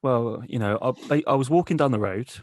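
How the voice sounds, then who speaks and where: A man co-hosting a comedy podcast, telling a crude, deadpan tall tale. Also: mid-range voice, fast talker, no echo, clean studio sound. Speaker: podcast co-host. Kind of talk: comic storytelling.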